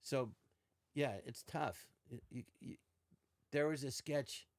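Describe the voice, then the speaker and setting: An older man with a mid-range voice, recorded dry and close, speaks in a casual storytelling way. He swings into put-on voices when quoting people and keeps the tale lively. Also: medium pitch, takes it slowly, no room sound. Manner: animated, acts out quotes in varied voices. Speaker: podcast guest.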